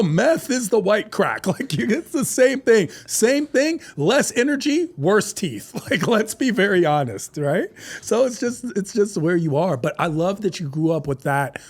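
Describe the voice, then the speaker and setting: A man with a high, light voice talks in a loose podcast chat. He jokes constantly, laughs through his own lines and drops into quick character voices as he tells stories. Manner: animated, joking, laughs often, does voices. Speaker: comedian guest. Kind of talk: casual podcast conversation.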